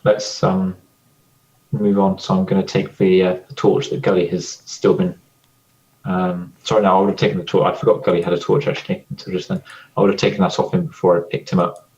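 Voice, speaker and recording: A man playing a tabletop game, describing his character's actions in a halting way that repeats words. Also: deep voice, level tone, a little mellow. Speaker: player. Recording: dull lo-fi recording.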